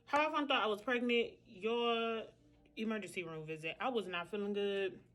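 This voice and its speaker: A woman's voice: medium pitch, moderate pace, fairly bright tone. A woman vlogging in a casual, candid chat, talking straight to her viewers.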